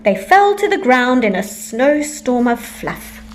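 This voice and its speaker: A woman reading a rhyming picture book aloud to children, with a lively, sing-song delivery. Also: fairly high pitch, slow pace. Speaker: storyteller for children.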